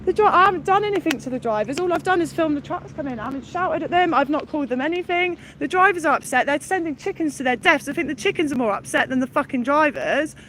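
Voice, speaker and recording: A woman's voice: high voice, animated, fast talker, hardly any pauses, a bit bright. Young woman, vegan activist, passionate and apologetic; faint street noise. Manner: passionate, talks over others, apologetic. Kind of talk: heated casual argument. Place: outdoors by a roadside gate.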